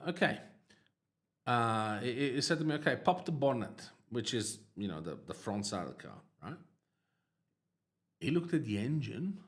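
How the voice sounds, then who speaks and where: A man's voice: mid-range voice, very animated, fairly bright tone. Man rambling through a personal anecdote. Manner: halting, lots of fillers and restarts, laughs at his own story. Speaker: livestream host. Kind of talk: casual storytelling.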